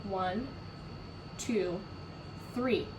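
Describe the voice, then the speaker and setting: A woman teacher reading a picture book aloud to children, animated and full of questions, with a roomy echo from a distant mic. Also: mid-range voice, drawn-out words, background noise. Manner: animated, asks questions, laughs.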